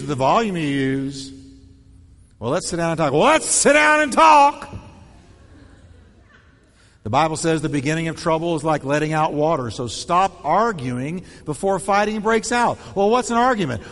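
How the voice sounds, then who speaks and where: A man preaching a sermon in an animated way, acting out quoted voices with shifting tone and pace. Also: high voice, in a large hall. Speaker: pastor.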